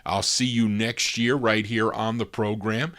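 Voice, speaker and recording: A man hosting a live record show, hoarse from losing his voice, talking in a laid-back, rambling way and correcting himself as he goes. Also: lowish voice, little pitch movement, unhurried, a bit bright. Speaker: radio-style DJ host. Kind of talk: casual live DJ chat between records.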